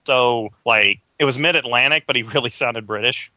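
Podcast co-host, man, bright sharp tone, dry sound, chatty. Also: mid-range voice, normal speed, no echo, dull audio. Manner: chatty, laughs often. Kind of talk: casual film chat.

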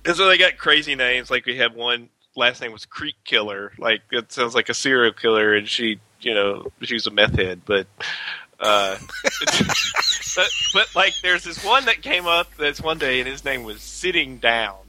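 Animated man telling funny stories. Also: medium pitch, moderate pace, slight background noise, rough recording. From Louisiana. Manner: animated, laughs often, acts out quotes. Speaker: guest, pharmacy worker. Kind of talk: casual podcast chat, storytelling.

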